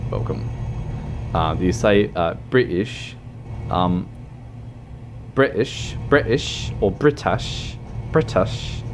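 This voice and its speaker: An Australian game streamer chats casually at home while playing a truck-driving game, rambling and poking fun at himself with lots of fillers and laughter. His voice is low-pitched, and the background is noisy.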